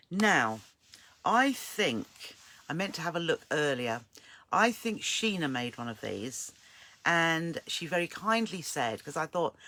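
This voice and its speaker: A woman's voice: sits low, fairly bright tone, no echo. An older woman hosts a live sewing stream, chatting casually and greeting viewers by name. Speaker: sewing channel host.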